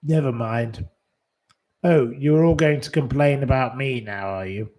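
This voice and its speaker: A man's voice: mid-range voice, a little slow, darkish tone. A man hosting a live stream, indignantly scolding commenters in blunt, profane, repetitive retorts. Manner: repeats short dismissals.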